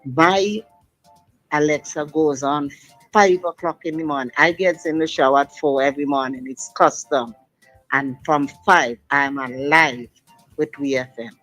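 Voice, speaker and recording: A woman's voice: low voice, unhurried, a bit bright, faint music behind, rough recording. A middle-aged woman calling in to a radio show, talking in long, emphatic, impassioned sentences over the phone. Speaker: radio caller. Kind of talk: call-in radio talk.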